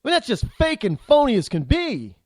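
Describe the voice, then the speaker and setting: A man's voice: extremely high pitch, wildly swooping pitch, fairly quick, a little mellow, dry recording. A man hosting a talk radio show, delivering a rambling, indignant monologue full of restarts and rhetorical questions.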